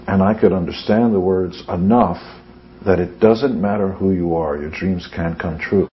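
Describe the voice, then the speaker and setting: A man's voice: sits low, animated, measured pace, lo-fi sound, music in the background. A man in his sixties, a musician turned businessman, giving a boastful, joking motivational talk. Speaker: musician and entrepreneur.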